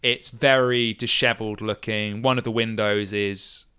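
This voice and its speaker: A man hosting and running a tabletop game with a bright, crisp and smooth voice. He talks in a casual, jokey way and drops wry asides. The sound is close and dry. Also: fairly low pitch, steady tone, unhurried, no room sound. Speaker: podcast host and game master. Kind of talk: casual podcast chat and game narration.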